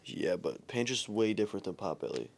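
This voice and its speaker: Young guy w a lowish voice throwing out dry jokes. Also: big pitch swings, brisk. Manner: joking, dry one-liners. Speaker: podcast co-host. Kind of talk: casual chat.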